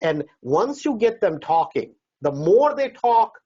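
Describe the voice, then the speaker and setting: Husky-voiced man coaching real estate investors. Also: high-pitched, big pitch swings, takes it slowly, mellow, dull audio. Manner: conversational, acts out doorstep dialogue, says "right?" often. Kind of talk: seminar talk.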